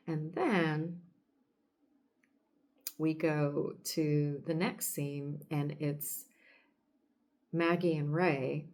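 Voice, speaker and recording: A woman podcast host retelling a comic book with animated storytelling, laughing often. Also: deep voice, drawn-out words, long pauses.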